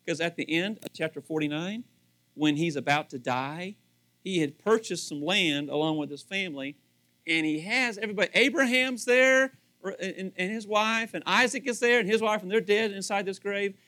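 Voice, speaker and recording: Delivering a sermon, this middle-aged pastor brings it to life by acting out dialogue in little scenes and repeating phrases for emphasis. He speaks with a high-pitched voice at normal speed.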